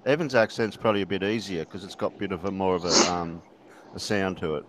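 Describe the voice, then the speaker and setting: A man's voice: low-pitched, fast talker. A man chatting playfully on a podcast call. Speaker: podcast guest. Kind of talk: casual chat.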